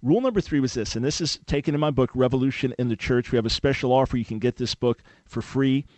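A male talk radio host, speaking fast at an ordinary middle pitch with a slightly mellow tone, delivers an emphatic, preacherly teaching that quotes scripture and builds to rhetorical questions. The recording is dry and close, with no room echo.

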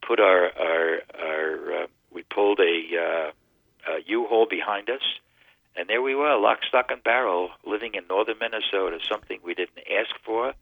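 A man's voice: lowish voice, normal speed, creaky, no room sound. Earnest man on a tinny phone line. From Connecticut. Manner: earnest storyteller. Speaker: radio guest. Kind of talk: telling a personal testimony.

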